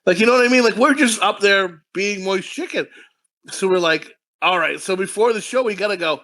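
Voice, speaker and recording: Bright gravelly man, rambling and profane. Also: high voice, brisk. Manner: rambling storyteller, profane, laughs often. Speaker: podcast co-host. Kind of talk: casual movie review chat.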